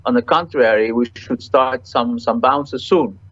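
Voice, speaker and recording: Halting man analyst, dull lo-fi sound. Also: medium pitch, fairly bright tone. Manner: halting, repeats words, many "uh" fillers. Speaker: market cycle analyst guest. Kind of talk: interview answers.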